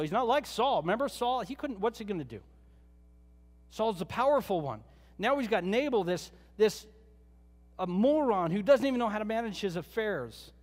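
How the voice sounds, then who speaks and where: A pastor preaching a sermon, retelling a Bible story in a conversational way with joking asides. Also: male voice, sits high, expressive, normal speed, in a large hall.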